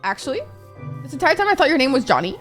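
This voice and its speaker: A woman's voice: high voice, sing-song, racing, a bit bright, faint music behind. A woman streaming a game live, chatting casually with her viewers, swearing often and reacting to chat.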